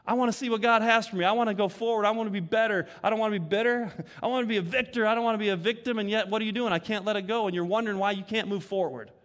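A pastor preaching an earnest sermon that rises to emphatic peaks. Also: male voice, sits high, steady tone, very fast, hardly any pauses, fairly bright tone.

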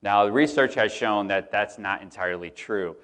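A relaxed man giving a sermon in a church, chatty and joking with the people in front of him. His voice sits low and easygoing. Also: moderate pace. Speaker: pastor. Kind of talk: casual sermon. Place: church auditorium.

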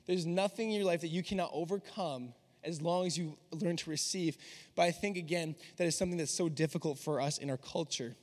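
Young male preacher, earnest and conversational, fairly high voice, big reverberant hall. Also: fairly quick, a little mellow. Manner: earnest, conversational, acts out quoted dialogue. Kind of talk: sermon. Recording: long reverb of a large hall.

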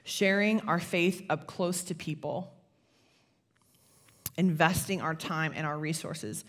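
A woman pastor, preaching a sermon in a conversational, animated storytelling way. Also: lowish voice, unhurried.

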